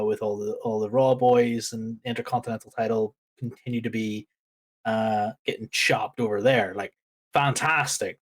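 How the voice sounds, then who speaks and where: A man co-hosting a casual podcast chat, ranting in an exasperated, animated way. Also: lowish voice. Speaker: podcast co-host.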